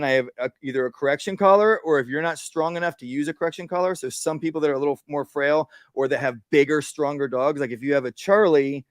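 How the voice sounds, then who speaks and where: A man's voice: fairly high pitch, no echo, clean studio sound. A man, a dog trainer, giving a casual workshop talk outdoors and acting out what dogs and owners say.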